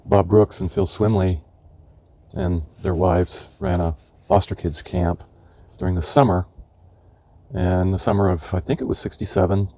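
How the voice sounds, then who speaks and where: Man, 70s, from California. Unhurried, halting memoir narration in a slightly low voice. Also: fairly even intonation, dark tone, slight background noise. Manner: rambling and halting, searching for names.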